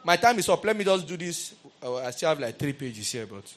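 High-voiced preacher, animated. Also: male voice, brisk. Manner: animated, swings between quiet asides and raised exclamations; calls out to the congregation. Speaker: pastor. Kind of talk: sermon.

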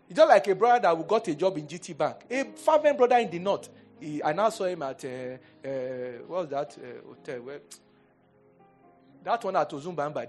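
Animated Nigerian preacher man. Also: a little high. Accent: Nigerian English. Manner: animated, shifts between loud exhortation and quiet storytelling, laughs often. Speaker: pastor. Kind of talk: sermon.

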